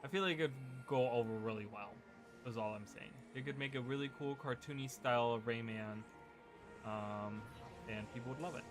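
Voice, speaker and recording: A man's voice: mid-range voice, moderate pace. A man giving casual, rambling commentary while playing a video game, often restarting his sentences. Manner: rambling, chatty, many restarts. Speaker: gaming video creator. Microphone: USB desk microphone. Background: game music.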